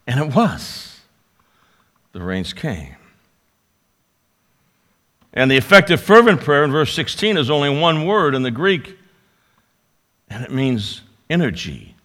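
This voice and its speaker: A man preaching a sermon, swinging between loud emphasis and quiet asides. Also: mid-range voice. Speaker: pastor.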